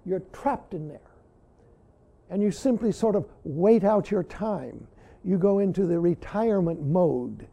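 A man giving a dharma talk to his students, often saying "see" and pausing for emphasis. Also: high voice, lively intonation, vocal fry, dark tone. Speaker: Zen teacher.

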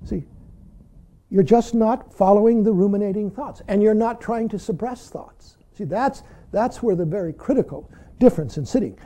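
A man's voice: high voice, moderate pace, mellow. A man giving a dharma talk as a Zen teacher, blunt and teasing, who laughs readily and keeps saying "see".

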